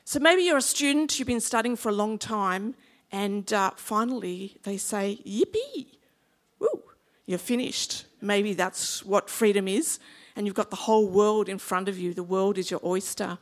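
A woman's voice: mid-range voice, moderate pace. A woman in her fifties with an Australian accent, preaching a sermon in a chatty, humorous way and drawing in the congregation. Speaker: pastor.

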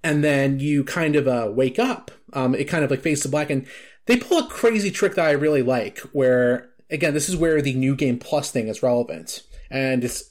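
A man's voice: medium pitch, moderate pace. Rambling man chatting about a game. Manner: rambling, heavy on filler words and restarts. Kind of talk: casual chat about a video game.

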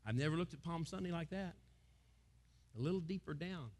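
The sermon comes from a middle-aged US pastor who dramatizes crowds and quotes with abrupt loud outbursts. His pitch is fairly high and his pace brisk.

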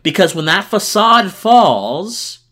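Tired, impassioned man with a lively pitch. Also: takes it slowly. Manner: passionate, emphatic, with restarts and repeated words. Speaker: political podcast host. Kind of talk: political commentary monologue.

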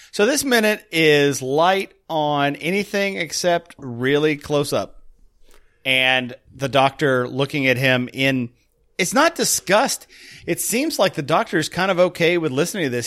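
A man's voice: fairly high pitch, animated, measured pace, fairly bright tone. A man hosting a casual podcast chat, rambling and often cutting himself off. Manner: rambling, self-interrupting. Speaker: podcast host.

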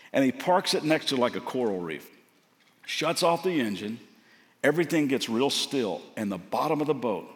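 A man preaching a sermon in a casual, storytelling manner, his voice carrying a long reverb from a large church hall. He speaks earnestly and plainly to his congregation. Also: medium pitch. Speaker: guest preacher.

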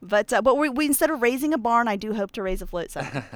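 A woman's voice: on the high side, lively intonation, fast talker. Chatty woman from Pennsylvania. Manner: chatty and self-deprecating, many fillers. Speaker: guest. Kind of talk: casual storytelling.

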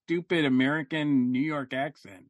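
A man's voice: a little high, fairly even intonation, normal speed, lo-fi sound, over a noisy crowd. A man co-hosting a podcast, chatting casually and rambling with many fillers and restarts. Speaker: podcast co-host. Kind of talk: casual review chat.

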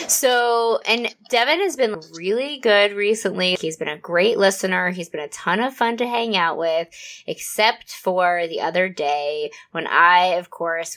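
A woman's voice: lowish voice, a bit bright. A woman in her thirties co-hosting a podcast, telling parenting stories in a candid, reflective way. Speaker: podcast co-host. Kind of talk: casual podcast chat.

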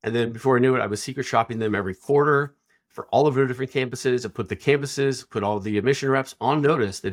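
A middle-aged man chatting as a podcast guest, his voice sitting right in the middle of the usual male range. He tells long work anecdotes in a relaxed, animated way and slips into quoted dialogue as he goes. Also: mid-range voice, quick pace. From Texas. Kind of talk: casual storytelling.

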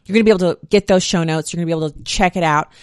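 A woman's voice: lowish voice, racing, a little mellow, clean tone, no echo, studio quality. A woman hosting a political commentary podcast, chatty and opinionated with snarky asides. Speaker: podcast host.

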